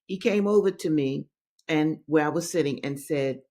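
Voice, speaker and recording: A woman's voice: low-pitched, moderate pace, dark tone. A woman hosting a reading show, reading aloud and commenting, repeating phrases for stress and speaking straight to her listeners. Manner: addresses listeners directly as brothers and sisters. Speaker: host reading books to her audience.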